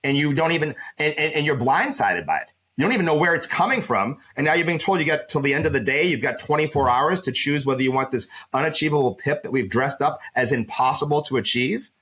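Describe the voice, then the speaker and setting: A man speaking as a guest employment advisor in a podcast conversation, emphatic and quick to repeat words when worked up. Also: a little high, animated, fairly bright tone, slightly rough.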